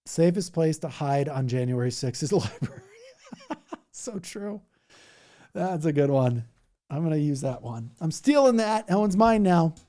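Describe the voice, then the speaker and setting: A man's voice: fairly high pitch, lively intonation, unhurried, dark tone. A man hosting a livestream, chatting casually with his viewers, rambling and laughing as he mocks things with silly impressions. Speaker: livestream host. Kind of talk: casual chat reacting to viewer comments.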